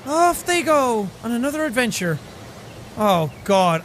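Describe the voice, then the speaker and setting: A young man giving casual gameplay commentary in an excitable, playful way that runs to gushing outbursts. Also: very high-pitched, a little slow, slight background noise. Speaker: let's play host.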